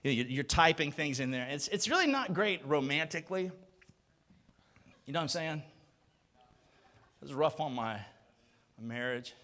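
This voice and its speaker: A man's voice: a little high, moderate pace, long pauses. A man in his thirties preaching a sermon, telling a story and acting out the voices of the people in it. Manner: animated storyteller, acts out voices.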